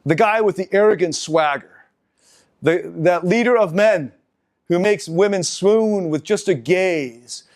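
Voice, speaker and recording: A middle-aged man giving a live seminar lecture, talking in an animated, halting way with restarts and asides to the audience. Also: high voice. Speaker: seminar speaker.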